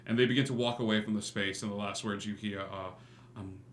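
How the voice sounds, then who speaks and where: A man narrating as game master of a tabletop game, relaxed and full of fillers. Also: fairly low pitch, quick pace. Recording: echoey room with faint hum.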